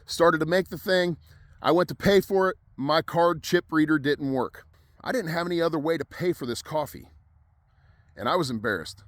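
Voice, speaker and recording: A man's voice: on the high side, normal speed, dry recording. A middle-aged man from Ohio, a welding instructor, telling a personal story in a folksy, conversational way.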